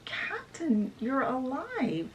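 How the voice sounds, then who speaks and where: A woman's voice: high voice, sing-song, very slow, voice pushed up, full character voice. Woman doing a defiant young pirate. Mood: pleading. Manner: raised earnest pleading. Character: young male pirate sailor, earnest and defiant.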